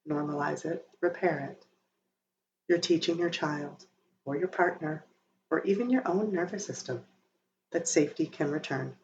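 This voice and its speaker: Gentle, soothing woman podcast host. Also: low-pitched. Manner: gentle, soothing, slow-paced delivery. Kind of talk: calm scripted narration. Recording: slightly dull sound with faint noise.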